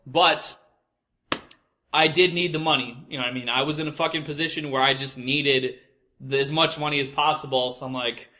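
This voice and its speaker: Young guy ranting about work, swears a lot, bright tense voice. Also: medium pitch, fairly even intonation, fast talker, a little hiss or hum. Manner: crude, exasperated, swears constantly. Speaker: podcast host. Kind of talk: profane storytelling rant.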